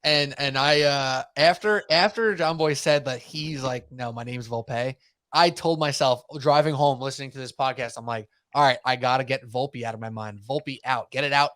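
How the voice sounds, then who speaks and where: A man hosting a sports podcast in casual chat, talking in animated, rambling runs and mocking himself. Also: medium pitch, normal speed, hardly any pauses, no room sound, studio quality. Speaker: podcast host.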